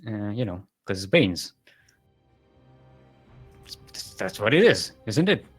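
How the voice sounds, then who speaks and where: A man's voice: fairly low pitch, sing-song, slow, breathy edge, soft background music. Rambling jokey game caster, man. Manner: rambling, jokey, many fillers and restarts. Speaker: esports caster. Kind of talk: solo live game commentary.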